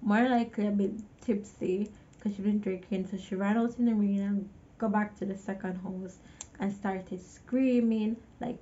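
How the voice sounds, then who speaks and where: A woman's voice: mid-range voice, fairly even intonation, normal speed, dark tone, lo-fi sound. A woman giving a casual movie recap, chatty, with exasperated asides to the viewer. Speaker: movie reviewer.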